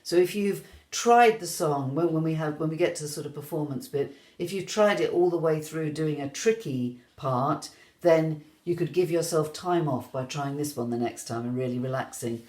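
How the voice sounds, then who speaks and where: A woman teaching an online rhythm lesson, gentle and encouraging, singing out the beats as she counts them. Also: low-pitched, normal speed. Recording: echoey room.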